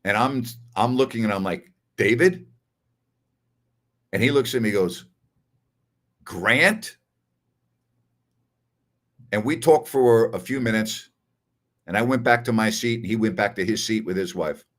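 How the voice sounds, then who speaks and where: A man's voice: lowish voice, a little fast. An older man hosting a sports talk show, chatting casually and telling stories while repeating phrases for emphasis. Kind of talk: casual live-stream chat.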